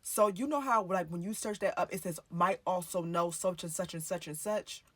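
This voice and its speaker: A woman's voice: on the low side, normal speed, no echo. A woman telling a personal story in a casual storytime vlog. She swears freely and acts out her own past dialogue as she goes. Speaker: storytime vlogger.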